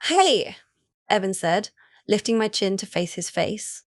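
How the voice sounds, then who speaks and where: Even-voiced woman reading a romance. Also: medium pitch, moderate pace, no echo, clean studio sound. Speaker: narrator. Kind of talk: first-person audiobook narration.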